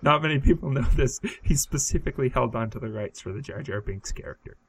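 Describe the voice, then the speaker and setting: Male podcast co-host, mid pitch, loose rambling delivery full of uhs. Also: fast, gravelly, slightly rough. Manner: rambling, hesitant with fillers. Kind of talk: casual chat.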